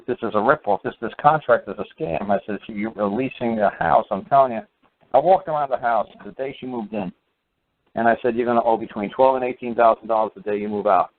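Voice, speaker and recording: A man telling a long casual story as a talk show host, rambling with many fillers and restarts. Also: lowish voice. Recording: phone-like lo-fi radio audio.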